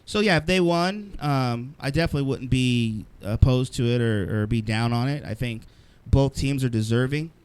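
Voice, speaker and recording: On a live-streamed show recorded with a studio mic, a podcast co-host talks sports casually and bluntly, swearing and laughing a lot. His mid-range voice is clean and a little mellow, at a moderate pace with few pauses.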